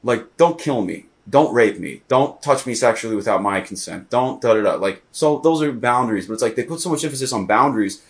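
A man talking as a podcast guest in a casual conversation, rambling and animated, with lots of fillers. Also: mid-range voice, fairly quick, few pauses.

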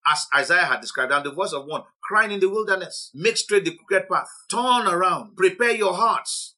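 A man's voice: high voice, normal speed, bright, forceful tone. A man teaching a sermon, reading scripture passages aloud and explaining them with emphatic delivery. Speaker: preacher.

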